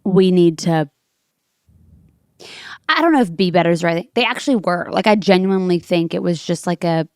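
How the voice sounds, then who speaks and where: A woman's voice: on the low side, no room sound, clean studio sound. Gushing woman podcast co-host. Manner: enthusiastic, gushing, quick asides. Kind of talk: casual chat.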